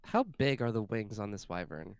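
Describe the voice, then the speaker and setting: A man's voice: on the low side, lively intonation, normal speed, smooth, no room sound. A man playing a tabletop game, hesitant and thinking aloud, self-deprecating. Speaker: player. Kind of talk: casual tabletop play.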